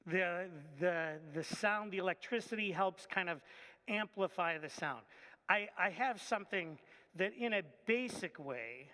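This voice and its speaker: A man's voice: high-pitched, animated, measured pace, sharp tone. A man, a pastor, giving a children's message in church and asking the kids friendly questions as he speaks into a microphone. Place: church sanctuary. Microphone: handheld microphone. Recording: long reverb of a church hall.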